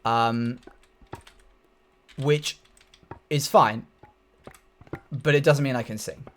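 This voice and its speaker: A man's voice: medium pitch, fairly even intonation, extremely slow. A young man chatting casually with his live chat while he plays a building game, reading comments aloud and joking. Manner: chatty, reads chat aloud, jokey asides. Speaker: streamer.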